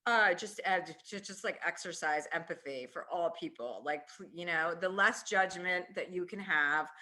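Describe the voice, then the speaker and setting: On a call from a ski trip, a woman in her forties, a comedian appearing as a guest, speaks candidly in a casual interview. Her voice sits on the low side and sounds pushed and bright, and she moves fast, thinking aloud with plenty of "you know" and "like."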